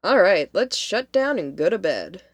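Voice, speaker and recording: A woman's voice: lowish voice, very animated, measured pace, no echo. A woman voicing a busy, matter-of-fact young female college student. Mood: brisk.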